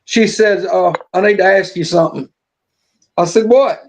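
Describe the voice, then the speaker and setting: A man's voice: high voice, normal speed. A man casually telling a long, folksy, profane story on a podcast, acting out what everyone said. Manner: folksy, profane, acts out quoted dialogue.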